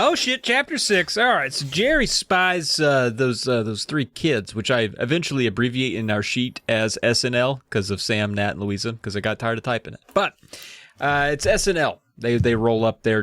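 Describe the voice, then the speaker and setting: A man's voice: mid-range voice, a bit bright, no echo. A man co-hosting a podcast, recapping a book in a casual, wry, swear-heavy style. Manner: swears freely, wry and offhand. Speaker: podcast co-host.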